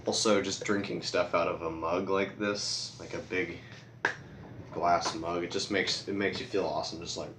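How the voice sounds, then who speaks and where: A teenage boy rambles through a goofy show-and-tell, poking fun at himself while his voice cracks now and then. His low voice sits back from the mic in an echoey room. A faint hiss runs underneath. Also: steady tone, normal speed, distant mic. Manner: rambling, goofy, self-deprecating. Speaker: vlogger.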